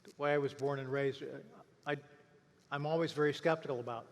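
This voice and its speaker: Older man, halting historian. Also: fairly high pitch, fairly even intonation. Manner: halting, with filler phrases. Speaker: historian, interviewer. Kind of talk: interview conversation. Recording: long reverb of a hall.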